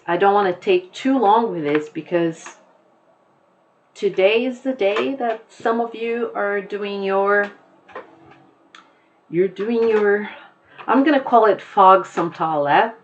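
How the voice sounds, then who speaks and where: A woman English teacher giving a recorded class lesson, explaining slowly and patiently with examples. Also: medium pitch, muffled recording.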